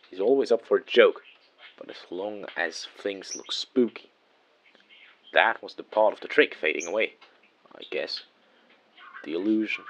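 A man telling a first-person horror story in a measured, hushed way, letting phrases trail off softly. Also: sits low, slight background noise, rough recording. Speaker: narrator.

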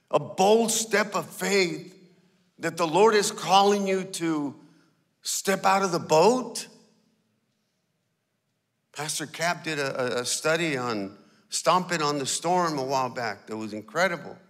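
A man with a notably high voice preaches slowly and deliberately, ringing through a church sanctuary with long reverb. He tells stories like a performer, acting out little scenes, then drops to a hushed, pleading tone. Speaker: guest pastor. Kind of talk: sermon.

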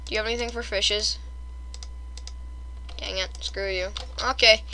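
Young woman, gameplay commentary, excitable, very bright sharp voice, keyboard typing behind. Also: on the high side, normal speed, vocal fry, long pauses, slight background noise. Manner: excitable, shrieks and gasps at fails. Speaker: gamer.

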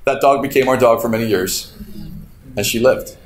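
A pastor preaching a sermon in a church hall tells a story with laughs and acted-out quotes while the congregation responds. His voice is medium-pitched at a normal speed, and the echoey hall carries faint room noise.

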